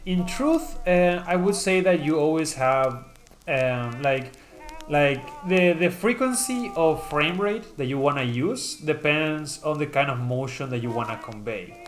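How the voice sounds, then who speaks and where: On a live stream, a man with a fairly high voice and lively intonation chats casually at an unhurried pace, reading viewer comments aloud. He rambles with plenty of fillers and restarts while presenting his channel mascot.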